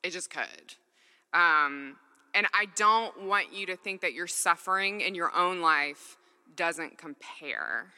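Bright-voiced woman preaching in an echoey hall. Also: on the low side, takes it slowly. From Mississippi, US. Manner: earnest, conversational, acts out dialogue. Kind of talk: sermon with personal storytelling.

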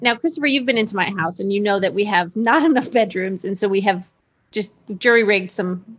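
A woman guest on a chat show, telling family stories in a lively way and laughing often, a little tipsy. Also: mid-range voice, a little fast. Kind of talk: casual chat, storytelling.

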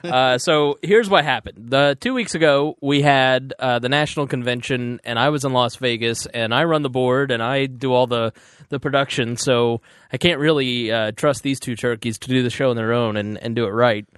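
A man's voice: mid-range voice, steady tone, normal speed, hardly any pauses, a bit bright, clear, resonant tone, no room sound, studio quality. A man hosting a casual political podcast, chatting in a joking, self-deprecating way. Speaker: podcast host and producer.

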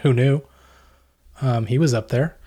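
A man co-hosting a podcast in casual chat, telling a travel story with deadpan jokes and a rambling manner. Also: mid-range voice, measured pace, slightly rough. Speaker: podcast co-host.

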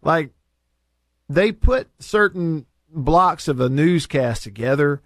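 A man hosting a talk radio show, voice leaping up and down as he rants. His pitch sits a bit high for a man. The studio sound is dry and close. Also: takes it slowly, no room sound. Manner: animated, rants with big pitch jumps. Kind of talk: casual talk radio banter.

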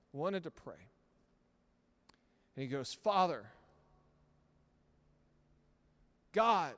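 A man, a pastor, preaching a sermon in a church, moving between hushed storytelling and loud, emphatic peaks. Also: fairly high pitch. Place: church sanctuary.

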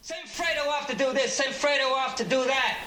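An actor playing a whiny, insecure younger brother, aggrieved and pleading in a film scene. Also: male voice, extremely high pitch, moderate pace, sharp tone, slight background noise. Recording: roomy film soundtrack.

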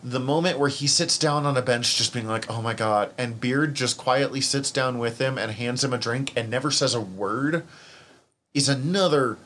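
A man's voice: mid-range voice, moderate pace, fairly bright tone, slight background noise. A man co-hosting a podcast, chatting casually and candidly about a TV show, often rambling and emotional. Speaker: podcast co-host. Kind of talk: casual chat.

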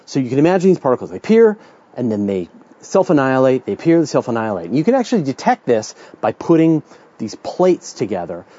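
A man's voice: mid-range voice, big pitch swings, quick pace, dark tone, muffled recording. A middle-aged Canadian man hosting a question-and-answer podcast, explaining science in a casual, chatty way with restarts and asides. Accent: Canadian English.

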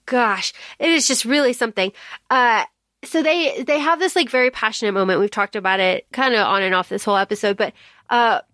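Brief: woman podcast co-host, slightly high voice, casual and chatty, dry close recording. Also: a little fast, fairly bright tone, no echo. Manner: chatty, laughs often, acts out quoted lines. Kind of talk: casual book discussion.

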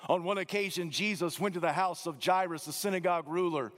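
Dramatic male preacher in a reverberant hall. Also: fairly bright tone. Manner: dramatic, emphatic preaching with sweeping pitch swings and slowed key words. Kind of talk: sermon.

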